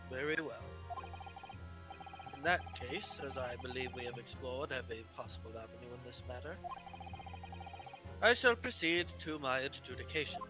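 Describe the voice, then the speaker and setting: A man's voice: mid-range voice, animated, over music, close to an everyday voice. A man playing a stately elderly judge. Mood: formal. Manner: formal, measured, authoritative.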